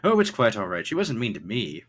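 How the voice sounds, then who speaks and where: A man's voice: lowish voice, huge pitch swings, brisk, a bit bright, voice pushed up, heavily acted. A man voicing a fussy, evasive ship's officer who stammers and talks politely with sly asides.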